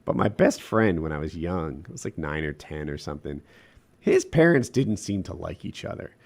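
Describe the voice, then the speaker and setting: Gravelly man with lively delivery. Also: deep voice, normal speed. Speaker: podcast co-host. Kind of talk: casual storytelling.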